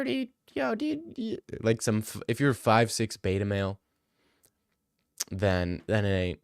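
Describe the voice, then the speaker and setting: A man's voice: fairly low pitch, clear, resonant tone, dry recording, clean studio sound. A young man hosting a casual livestream. He reads out viewers' questions and answers in a joking, slang-heavy way. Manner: slangy, joking, reads chat questions aloud then riffs. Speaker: livestream host answering chat.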